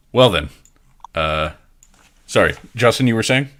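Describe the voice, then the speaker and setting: Deep-voiced, bright game master. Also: male voice, lively intonation, slow pace. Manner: casual, joking, hesitant with fillers. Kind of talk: narrating a tabletop game.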